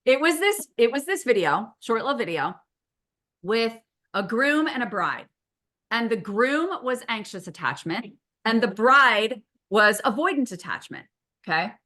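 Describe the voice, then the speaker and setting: A middle-aged woman hosts a relaxed podcast conversation. Her voice is bright and forward. She tells stories with animation and swears casually. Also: fairly high pitch, unhurried. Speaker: podcast host.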